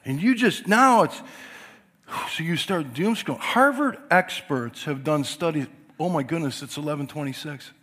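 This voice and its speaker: A man's voice: fairly high pitch, expressive, normal speed, a bit bright. An older man preaching a sermon to his church, chatty and apologetic, laughing as he goes. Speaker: pastor.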